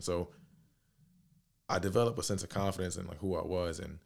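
A young man in his twenties, telling a story in a casual chat, slangy and animated, acting out the dialogue. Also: deep voice, fairly quick, gravelly. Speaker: podcast guest.

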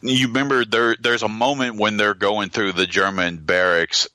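A man with a very deep yet sharp, forceful voice discusses a war film in a relaxed chat. He pauses and restarts his thoughts often, and he is recorded close and dry. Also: dry recording. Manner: thoughtful, hesitant with repeated starts. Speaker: film podcast co-host.

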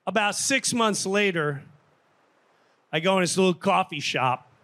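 A middle-aged man telling a personal story in an animated way, jumping into the voices of the people he quotes. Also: unhurried. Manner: animated, acts out quoted voices with big pitch jumps.

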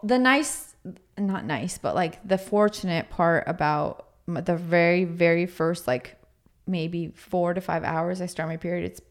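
A woman's voice: on the low side, unhurried. A woman in her thirties co-hosting a podcast as a mother, telling stories in a chatty, giggly way. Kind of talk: casual chat.

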